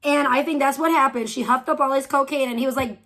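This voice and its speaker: A woman's voice: sits high, steady tone, quick pace, few pauses, fairly bright tone. A woman live-streaming from home, reacting to another stream with profane, mocking, sarcastic commentary.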